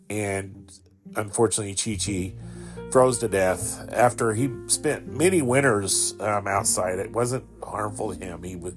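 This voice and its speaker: A man in his fifties hosting a podcast, telling a personal story in a rambling, fond way, with many fillers and laughs. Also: on the low side. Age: 50s. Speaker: podcast host.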